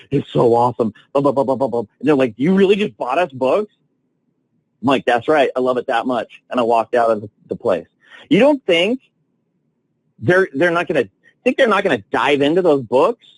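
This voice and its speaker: Excited man coaching on a call. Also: mid-range voice, fairly quick, slightly rough, no echo, poor audio. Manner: enthusiastic, animated storytelling with big swings. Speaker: sales closing coach. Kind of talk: conference call sales training.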